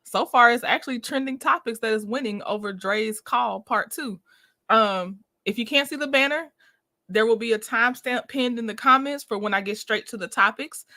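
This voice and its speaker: A woman's voice: a little high, normal speed, sharp tone. A woman hosting a casual live stream, upbeat and chatty, greeting viewers one by one and laughing often. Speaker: livestream host.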